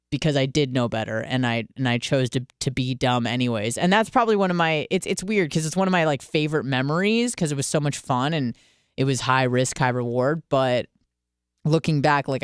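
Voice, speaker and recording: A woman in her late twenties from Michigan, hosting a radio show and telling stories in a candid, swearing, lively way. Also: rumbling low, smooth, no echo, clean studio sound. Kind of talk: casual solo radio monologue.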